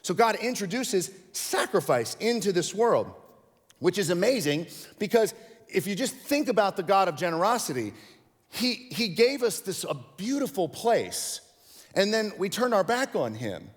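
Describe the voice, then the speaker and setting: A pastor delivers a sermon in a relaxed, conversational way, slipping into voiced quotes to make his points. His voice sits high for a man. The sound carries the long reverb of a church hall. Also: moderate pace. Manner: casual, animated preaching with voiced quotes.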